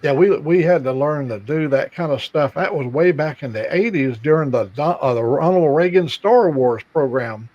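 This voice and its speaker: Speaking at normal speed with few pauses, an older co-host tells stories in a casual chat, often using fillers and starting over. His voice is on the high side with a darkish tone, captured without echo on a dull, lo-fi recording.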